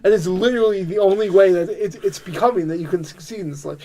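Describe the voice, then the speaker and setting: A man's voice: high-pitched, fast talker, warm tone. A male podcast co-host in casual chat, blunt and frustrated. He swears freely and repeats phrases as he builds his point. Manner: frustrated, blunt, profane ranting.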